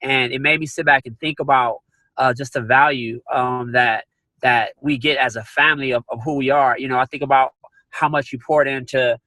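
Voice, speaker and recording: A man calling in by phone from a parked car, halting and grateful with many fillers. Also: mid-range voice, fairly even intonation, pushed and bright, no room sound, poor audio. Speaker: caller. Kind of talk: casual chat.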